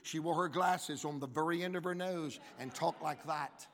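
Southern preacher from Georgia, man, bright high voice, comic stories rising to shouts, big hall reverb. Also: normal speed. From Georgia, USA. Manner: humorous storytelling building to shouted climaxes. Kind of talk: sermon.

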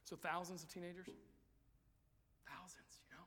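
A man preaching a sermon at a youth event, swinging from quiet pleading to shouted climaxes. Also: sits high, level tone, moderate pace. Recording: echoey hall.

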